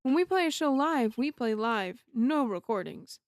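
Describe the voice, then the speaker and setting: A woman voicing a suave, showy male prosecutor, speaking in a smooth, teasing way. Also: fairly high pitch, lively intonation, normal speed, no echo. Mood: smug.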